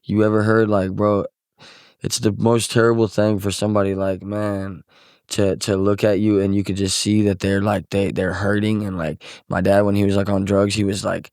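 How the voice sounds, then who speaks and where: Young man rambling, low dry voice. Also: level tone, moderate pace, a little mellow, dry recording. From Missouri. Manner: rambling, profane, many filler words. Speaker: guest musician. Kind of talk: casual podcast storytelling.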